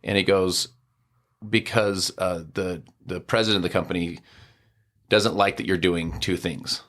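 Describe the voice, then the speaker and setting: Podcast guest, middle-aged man, deep voice, casual animated storyteller. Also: measured pace. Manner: animated storyteller, acts out quoted dialogue.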